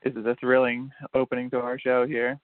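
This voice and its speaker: Speaking in a medium-pitched monotone at a slightly fast pace, a man hosts a relaxed sports podcast full of jokes and self-mockery. There is no room sound, and the line comes across dry and tinny, phone-like.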